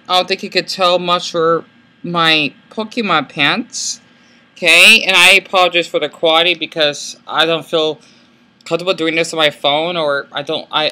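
A man in his late twenties with an American accent and a squeaky voice, talking in a soft-spoken, hesitant way with many fillers and restarts into a laptop mic in a casual vlog. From United States. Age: late 20s. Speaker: vlogger. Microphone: laptop built-in mic.

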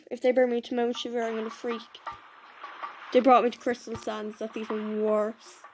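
Excitable female gamer, high voice. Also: normal speed, background noise. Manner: chatty and excitable, talking to viewers while playing. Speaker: gameplay video maker. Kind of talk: casual gameplay commentary. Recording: loud game music behind.

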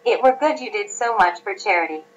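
A woman reading the part of a wise young woman disguised as a lawyer in an audiobook, calm and measured. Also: mid-range voice, dull audio, close to an everyday voice.

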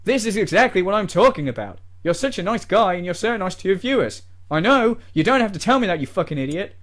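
A man's voice: high voice, very animated, fast talker, a bit bright. A man doing a parody rant as a smug, whiny male gamer YouTuber who sneers and swears at his fans.

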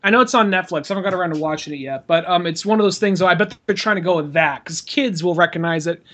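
A man's voice: high voice, fast, a bit bright. A man co-hosting a podcast who rambles in casual chat, full of 'kinda' and 'like'. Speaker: podcast co-host.

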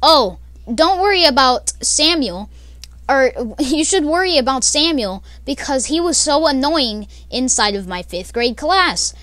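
Smug cat-loving schoolgirl, boastful as a young woman imitates her, high lively voice. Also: unhurried, dry recording. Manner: boastful, self-satisfied. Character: bragging, cat-obsessed girl classmate.

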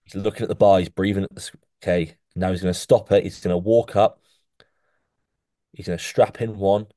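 A young man with a very deep, mellow voice chats casually as a podcast co-host and coaches in an animated way, ending nearly every line with "mate". The recording is dry and close, with no room sound. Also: fairly quick, no echo. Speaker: podcast co-host rating physiques. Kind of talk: casual chat. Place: podcast studio.

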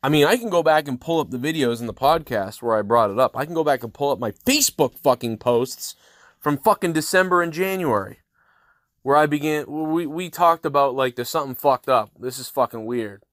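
A man's voice: medium pitch, animated, fairly quick, no echo, studio quality. Furious profane man ranting alone. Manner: angry, swearing nonstop, rising to loud outbursts. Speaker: podcast host. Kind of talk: profane solo rant.

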